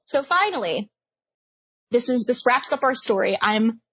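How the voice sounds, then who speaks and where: A young adult woman telling a story as a guest, animated and laughing often. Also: a little high, a little slow, husky, no echo, low-quality recording. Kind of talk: casual storytelling.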